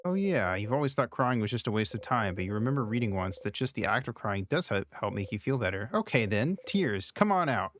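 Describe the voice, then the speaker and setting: Low-voiced man reading game text. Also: very animated, brisk, few pauses, fairly bright tone, dry recording. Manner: reads game text aloud between short casual remarks. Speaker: streamer. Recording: game music behind.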